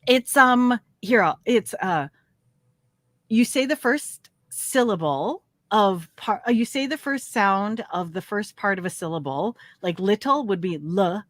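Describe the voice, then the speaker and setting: A woman's voice: mid-range voice, animated, dry recording. Brief: woman co-host, casual stream chat, giggly, stop-start delivery, dry sound. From Canada. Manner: giggly, halting, lots of fillers.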